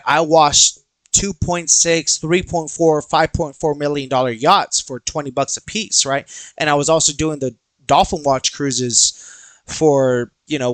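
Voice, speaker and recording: A young Texan man hosts a podcast, casually telling a personal story in a mid-range voice on a dry recording. He's animated, acting out the voices in quoted dialogue and swearing freely.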